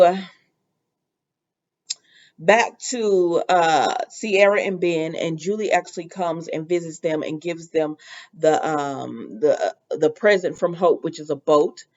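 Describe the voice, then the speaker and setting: A woman's voice: on the low side, darkish tone, dull audio. A woman hosting a casual soap opera recap, chatty and opinionated, with lots of fillers.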